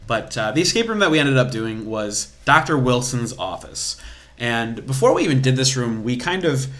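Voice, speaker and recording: A young man co-hosts a casual podcast in an ordinary, mid-range voice that's a bit bright and sing-song at normal speed. He's chatty, explains at length, and makes small restarts along the way.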